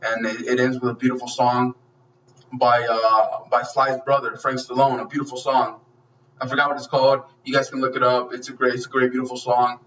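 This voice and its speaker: A man casually retelling an action movie scene by scene, excited, swearing a lot and making gunfire sounds. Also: mid-range voice, fairly quick, far from the mic, highs cut off. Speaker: movie reviewer.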